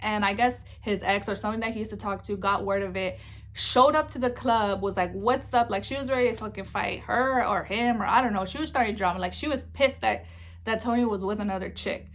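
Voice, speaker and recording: A young adult woman spins a story for her vlog in a loose, rambling way. She swears freely, leans on filler words constantly, and talks at an ordinary middle pitch. The feel is casual and conversational. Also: brisk, a bit bright, a little hiss or hum. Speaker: vlogger.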